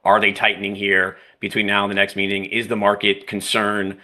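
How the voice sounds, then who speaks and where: A man's voice: lowish voice, completely flat delivery, a little fast, pushed and bright. A man analyzing the markets on a live trading stream, talking fluently and often tagging his phrases with "right?" and "you know.".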